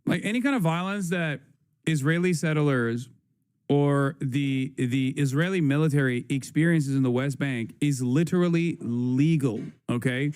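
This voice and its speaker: A man's voice: a little high, moderate pace, a little mellow, clear, resonant tone. A man hosting a livestream, talking in an emphatic, profane way and repeating his points. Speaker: livestream host. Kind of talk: casual livestream commentary.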